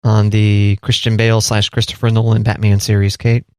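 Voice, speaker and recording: Low-voiced man, teasing co-host. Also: little pitch movement, normal speed, darkish tone, clean tone, no echo, clean studio sound. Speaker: podcast co-host. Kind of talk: casual chat.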